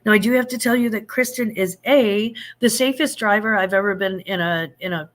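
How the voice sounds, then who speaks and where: A woman's voice: medium pitch, brisk. Chatty woman hosting a live chat. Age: 50s. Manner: chatty and rambling, with frequent fillers and restarts; affectionate, greets viewers with endearments. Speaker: host of a live chat stream. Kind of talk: casual live-stream chat.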